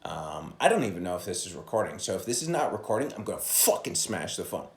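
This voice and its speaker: Fast and low, with big swings in pitch, a stand-up comedian rambles through his foul-mouthed solo podcast in an echoey room. He lurches into loud impressions, and the only recording gear is a phone resting against a coffee cup.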